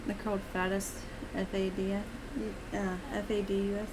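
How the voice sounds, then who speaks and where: A woman's voice: medium pitch, completely flat delivery, moderate pace, noisy background. A woman streamer chatting casually while playing a game, explaining it to someone beside her. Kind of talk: casual gameplay commentary.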